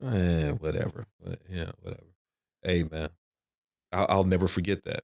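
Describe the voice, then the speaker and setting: Here is a middle-aged man with a very low, deep voice, chatting casually on a podcast. He rambles, circles back to repeat his phrases, and swears freely. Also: fairly even intonation, normal speed, vocal fry, a little mellow. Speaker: podcast guest. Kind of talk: casual chat.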